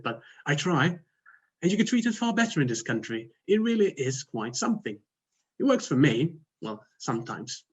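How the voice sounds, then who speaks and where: A husky-voiced man with a Swedish accent delivers a humorous contest speech through a video call. His humor is dry and self-mocking, with a rough edge to his tone. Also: medium pitch, muffled recording. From Sweden. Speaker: contest speaker.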